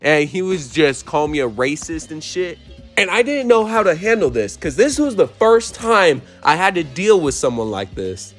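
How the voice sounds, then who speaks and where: A man's voice: fairly high pitch, very animated, moderate pace, faint music behind. A young man telling a storytime on his vlog, blunt and profane as he retells an argument at work. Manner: blunt, swears often, retells the argument animatedly. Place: worked in New Mexico.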